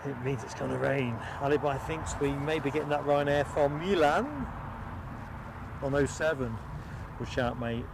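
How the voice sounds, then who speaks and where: A man's voice: mid-range voice, steady tone, normal speed. A man hosting a casual live stream outdoors, chatting and joking with viewers in the chat. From England. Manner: chatty, jokey, reads out chat names. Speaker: livestream host. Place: outdoors by an airport. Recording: outdoor stream with clear background noise.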